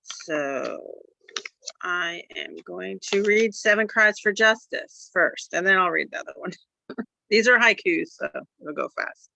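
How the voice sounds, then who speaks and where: A sleepy woman poet reads haiku at an online open mic and speaks slowly and tiredly. Her voice is gravelly yet bright. The sound is dry and dull, like lo-fi call audio. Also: medium pitch, dry recording. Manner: slow and tired, with soft laughs.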